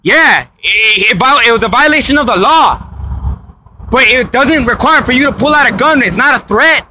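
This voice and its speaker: A frightened man on the verge of tears pleads over and over. His voice sits unusually high and comes out strained and tense, and he breaks into shouting at times. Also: expressive, moderate pace, slight background noise. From United States. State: frightened and crying. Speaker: citizen confronted by police. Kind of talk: pleading confrontation.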